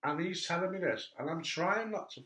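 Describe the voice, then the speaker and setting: A man hosting a casual chat, an animated storyteller who laughs at his own anecdotes. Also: sits high, fairly quick. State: hurt back. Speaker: host. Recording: echoey room.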